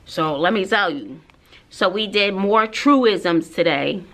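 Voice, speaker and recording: A woman's voice: mid-range voice, slow pace, a bit bright. A woman teacher, chatting sassily to her viewers in a casual vlog, talking to them like girlfriends. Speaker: middle school teacher.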